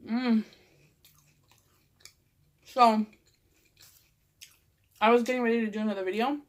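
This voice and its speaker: A woman's voice: fairly high pitch, fairly even intonation, unhurried. Young woman, Californian accent, stuffed-up nose, rambling vlog chat, plenty of fillers. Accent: Californian English. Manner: rambling, chatty, lots of "like" and fillers. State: stuffed up from a cold. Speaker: vlogger. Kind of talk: casual eating vlog chat.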